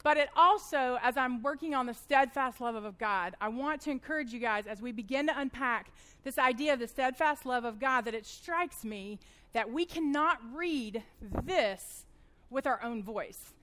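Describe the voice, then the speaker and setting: Teaching a church women's Bible study group, this woman in her thirties tells personal stories with fast, animated energy. Her voice is high-pitched.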